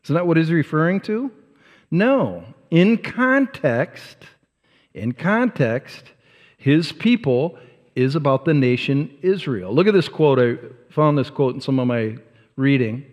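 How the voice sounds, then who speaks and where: A male pastor preaching a sermon, emphatic, asking rhetorical questions and swinging from loud to soft. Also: fairly high pitch, expressive, normal speed, big-room sound. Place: church sanctuary.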